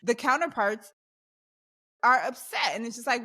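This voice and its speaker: A woman's voice: fairly high pitch, normal speed, sharp tone. A young adult woman co-hosting a podcast, ranting in an emphatic, heated way in casual chat. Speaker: podcast co-host.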